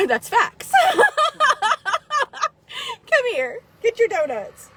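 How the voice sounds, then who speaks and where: A woman vlogging live in casual chat, swearing freely and laughing often as she tells animated stories. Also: very high-pitched, drawn-out words, poor audio.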